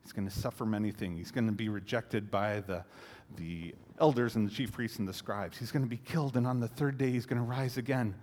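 A man voicing Jesus as a teacher, speaking lower, gravely and plainly. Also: fairly quick, darkish tone, a little hiss or hum, natural voice. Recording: echoey hall reverb.

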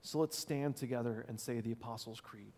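A man preaching a sermon as pastor, thoughtful and unscripted, pausing with fillers and restarts. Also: medium pitch, dark tone. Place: church sanctuary. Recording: long church reverb.

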